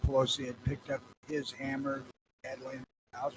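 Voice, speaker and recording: A man's voice: medium pitch, completely flat delivery, moderate pace, noisy background. A man co-hosting a podcast in casual chat, talking in a laid-back, rambling way. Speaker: podcast co-host.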